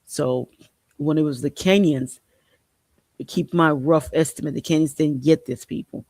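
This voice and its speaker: Blunt gravelly podcast man. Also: fairly high pitch, fairly even intonation, measured pace, a little mellow, dry recording. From Haiti. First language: Haitian Creole. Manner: blunt, profane, rambling with many restarts. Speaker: podcast host. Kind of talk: casual opinion commentary.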